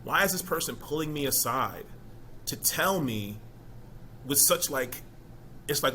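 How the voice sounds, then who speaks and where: A man's voice: medium pitch, animated, measured pace, pauses often, bright, forceful tone, slight background noise. A man guest in an interview, talking casually and with emphasis about his college choice, often checking in with his listener. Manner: conversational, emphatic, asks "you know what I mean?". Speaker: interview guest, former college football player.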